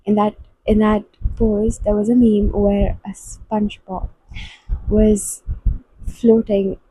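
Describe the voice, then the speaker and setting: Woman reacting to a book in her vlog, slow and soft, kinda hesitant, super warm mellow voice. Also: mid-range voice, level tone, a little hiss or hum, low-quality recording. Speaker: book vlogger.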